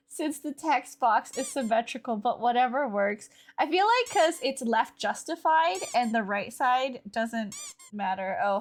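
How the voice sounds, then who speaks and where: Slow-talking, very high-pitched woman streamer. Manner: playful, laughs often, insistent when arguing with chat. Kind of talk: live gameplay stream chat.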